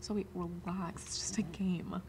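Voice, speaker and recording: A woman's voice: lowish voice, flat delivery, unhurried, darkish tone, natural voice. Woman as nervous young woman, short horror film, hesitant, faint background hum. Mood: uneasy. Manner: uneasy, hesitant.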